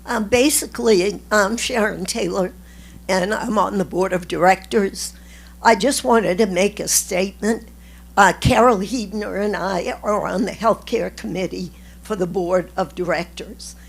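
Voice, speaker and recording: A woman losing her voice makes a measured, earnest statement at a community meeting. She talks slowly and deliberately. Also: medium pitch, gravelly, breathy edge. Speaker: board member. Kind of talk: statement at a town hall meeting.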